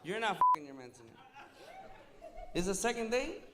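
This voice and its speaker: A man's voice: high voice, wildly swooping pitch, moderate pace. A man doing live stand-up crowd work, brash, profane and teasing. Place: comedy venue with audience. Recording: live club, loud crowd and noise.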